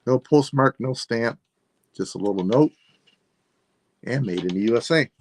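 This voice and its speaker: A man selling items on a live stream, thinking aloud in a rambling, unhurried way as he describes each piece. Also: mid-range voice, animated, a little mellow. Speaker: online seller. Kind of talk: live-stream sales chat.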